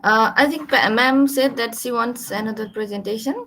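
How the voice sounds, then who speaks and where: A woman's voice: a little high, normal speed, crowd noise, rough recording. Polite woman hosting a session. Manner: formal and polite, with hesitant fillers. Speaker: host of the session. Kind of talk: formal thanks and questions.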